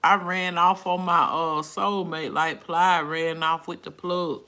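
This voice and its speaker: A woman's voice: lowish voice, steady tone, slow pace, bright, forceful tone. A middle-aged woman hosting a casual live stream from her phone, reading viewers' comments aloud and answering them in an emotional, outspoken way.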